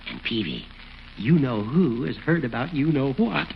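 An actor playing a sly, genial older judge in a 1940s radio comedy, speaking slowly and knowingly. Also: male voice, medium pitch, very animated, vocal fry. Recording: dull noisy old radio recording.

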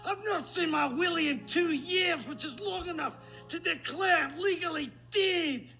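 A crude, self-pitying, obese man in a film clip. The voice is strikingly high, with a gravelly rasp and a sharp, bright edge, and he whines loudly. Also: measured pace, faint music behind, full character voice. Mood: miserable. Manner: loud, whining self-mockery.

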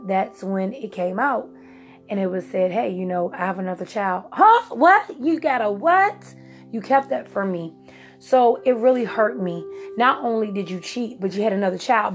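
A woman from Virginia giving a personal testimony, emphatic and emotional, acting out her past words. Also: mid-range voice. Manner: emotional, emphatic storytelling with voiced quotes.

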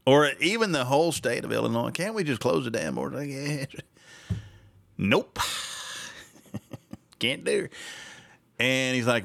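A man's voice: medium pitch, very animated, normal speed, vocal fry, pauses often, fairly bright tone, no room sound. A man hosting a casual political commentary podcast, sarcastic and rambling, laughing often. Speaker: podcast host.

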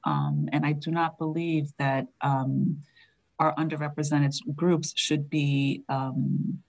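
A woman's voice: sits low, level tone, takes it slowly, a little mellow, low-quality recording. A woman from New York with a New York accent, answering interview questions as a school district leader in a conversational way, with frequent fillers.

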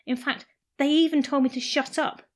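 A woman narrating a first-person story in a playful, animated way. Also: sits high, moderate pace.

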